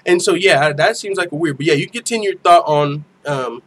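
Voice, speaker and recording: A man's voice: on the high side, fairly quick. Slangy man hosting a casual podcast. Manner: loose, slangy, laughs often. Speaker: podcast host. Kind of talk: casual MMA podcast chat.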